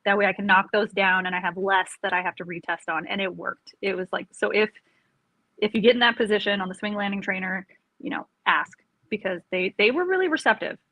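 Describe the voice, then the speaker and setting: A woman, an army career counselor, chatting casually and telling animated stories with frequent laughs. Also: mid-range voice, fairly quick, no room sound, lo-fi sound. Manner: animated storyteller, laughs often. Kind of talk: casual podcast chat.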